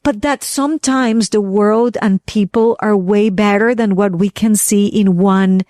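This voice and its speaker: A woman's voice: measured pace, no room sound, clean studio sound. A woman co-hosting a wellness podcast, telling a story in casual chat and acting out the people she quotes with big jumps in voice. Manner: animated, acts out quotes with big pitch jumps. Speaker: podcast co-host.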